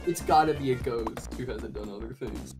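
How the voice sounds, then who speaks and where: A woman's voice: extremely low pitch, moderate pace, loud music behind the voice. A woman in a casual game chat, insistently pleading and swearing. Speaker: gamer.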